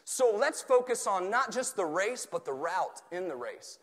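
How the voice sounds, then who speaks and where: A man from Tennessee with a Southern accent, preaching an animated, joking sermon in a church, swelling at times to near shouts. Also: a little high, moderate pace. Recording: long hall reverb.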